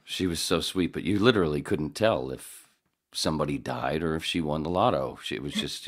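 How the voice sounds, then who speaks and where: Deep-voiced man rambling casually. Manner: rambling, halting, with many restarts. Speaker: comedian reviewing his set. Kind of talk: casual chat.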